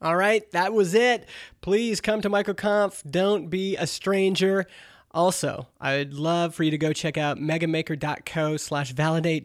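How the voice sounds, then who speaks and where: A man hosting a podcast, talking casually in a chatty, rambling way with restarts. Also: on the high side. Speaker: podcast host.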